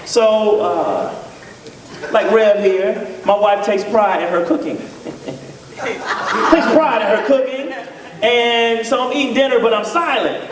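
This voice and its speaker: A man's voice: high voice, takes it slowly, pauses often, far from the mic, background noise. Man telling funny stories in a church hall. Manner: storytelling, acts out dialogue in voices. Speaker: psychologist speaking to couples. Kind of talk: humorous church talk. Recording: echoey church hall, mic from afar, audience. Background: laughing audience.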